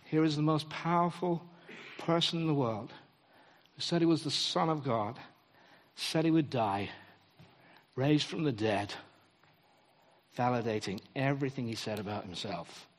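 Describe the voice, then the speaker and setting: A man preaching a sermon in a church, telling stories in an animated way and acting out the quotes. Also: mid-range voice, unhurried, pauses often. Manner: animated storytelling, acts out quotes. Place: church hall. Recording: long hall reverb.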